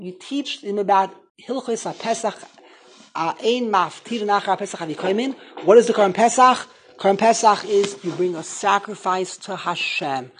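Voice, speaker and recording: A man teaching a rambling, animated Torah class on the Haggadah, full of Hebrew and Yiddish terms. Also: high-pitched, a little hiss or hum, low-quality recording.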